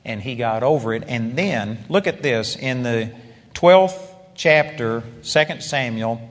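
A man's voice: medium pitch, lively intonation, takes it slowly, long reverb tail. A man preaching a sermon, retelling a story with emphatic rises and asides.

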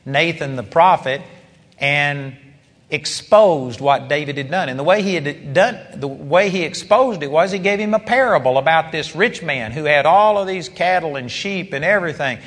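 A man's voice: on the high side, expressive, moderate pace, fairly bright tone, in a large hall. A man preaching a sermon, retelling a story with emphatic rises and asides.

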